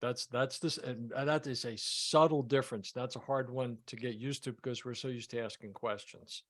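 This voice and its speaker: A man's voice: medium pitch, fairly even intonation, moderate pace. A man leading a sales coaching session, emphatic, often repeating words as he teaches. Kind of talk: group coaching call.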